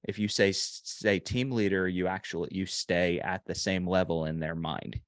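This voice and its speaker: Deep voiced guy giving sales tips on a call, laid back, lots of um, dry close sound. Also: moderate pace, no echo. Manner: relaxed, rambling, frequent ums and restarts. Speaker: sales coach. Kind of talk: one-on-one coaching call.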